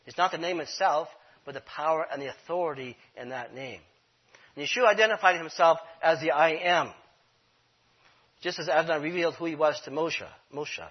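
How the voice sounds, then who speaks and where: A man's voice: on the high side, slightly rough. A man leading his congregation in an earnest sermon, repeating key phrases for emphasis. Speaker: congregation leader. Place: congregation room. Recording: dull lo-fi sermon recording.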